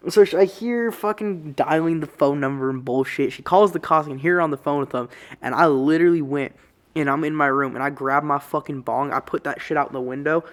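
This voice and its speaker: A man's voice: a little high, brisk, a bit bright. A man casually telling a story-time vlog in a rambling way, full of swearing and slang. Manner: rambling, profane, loose slang. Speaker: YouTuber.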